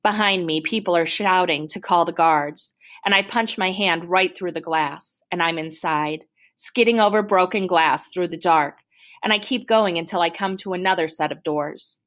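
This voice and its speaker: A woman reading a novel aloud in first person with a steady, plain storytelling manner. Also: lowish voice, moderate pace. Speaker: audiobook reader.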